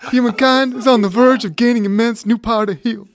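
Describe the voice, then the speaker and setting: Man doing a high, grand put-on American statesman, mock-solemn speech. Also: fairly even intonation, fairly quick, crowd noise.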